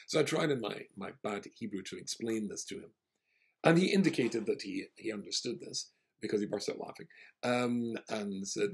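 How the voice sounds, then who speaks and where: A male rabbi with a low, gravelly, husky voice tells a story briskly, his humour wry and self-deprecating. Despite the pace, his storytelling flows in a relaxed way.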